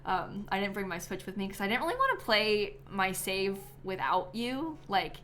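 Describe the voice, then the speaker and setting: A woman's voice: medium pitch, very animated, normal speed, a bit bright, a little hiss or hum. A woman streaming a life-sim game live, chatting casually with many ums and likes and giggling now and then.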